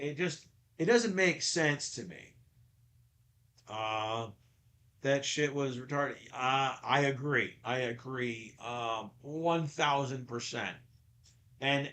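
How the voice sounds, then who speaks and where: Male podcast host, casual and rambling, stammers a lot, slow delivery, bright tone. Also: medium pitch. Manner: rambling, stammers and repeats words. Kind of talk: casual chat.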